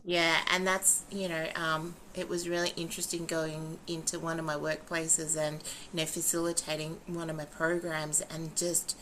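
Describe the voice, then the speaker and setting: A woman's voice: low voice, moderate pace, hardly any pauses, slight background noise. A woman, a podcast co-host and facilitator, chatting casually and acting out quotes as she tells stories. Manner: animated storytelling, acting out quotes with laughs.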